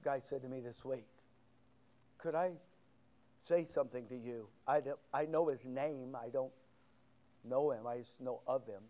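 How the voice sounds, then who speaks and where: A man's voice: mid-range voice, unhurried, pauses often, dark tone. A middle-aged man pastor preaching a sermon, quoting scripture with big swings of emphasis.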